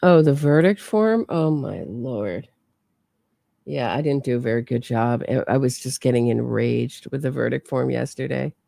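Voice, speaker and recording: A woman's voice: very deep voice, moderate pace, gravelly, mellow, no room sound. A woman hosting a true crime livestream, chatting casually and answering her viewers. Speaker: true crime podcast host.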